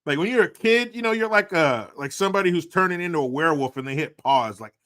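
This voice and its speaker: Bright-voiced sarcastic male streamer. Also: a little high, fast. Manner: animated, sarcastic, profane. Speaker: streamer and commentator. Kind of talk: casual live-stream commentary.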